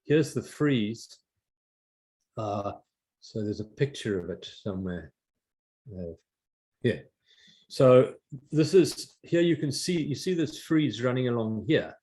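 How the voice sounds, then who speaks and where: An older man giving an informal art history slide lecture, halting with many fillers and restarts. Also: medium pitch, expressive, warm tone.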